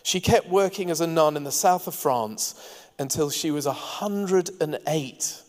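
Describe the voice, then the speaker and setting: A man's voice: a little high, measured pace. A man preaching a sermon as pastor, earnest and engaging, with light asides to the congregation. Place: church hall. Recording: long hall reverb.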